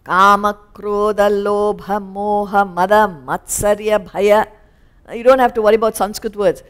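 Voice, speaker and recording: A woman with an Indian English accent teaching scripture as a spiritual teacher, animated and acting out little scenes. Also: mid-range voice, unhurried, smooth. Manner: animated, acts out little scenes in quoted voices. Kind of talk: lecture on scripture. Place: lecture hall.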